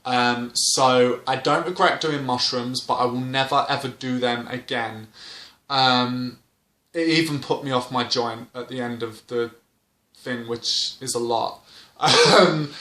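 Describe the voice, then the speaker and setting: A young man with a bright, sharp voice tells a casual story straight to camera. He rambles, restarts and leans on fillers as he goes. The room around him sounds noticeably echoey. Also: medium pitch, fairly even intonation, a little slow. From Britain. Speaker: vlogger. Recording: roomy indoor echo.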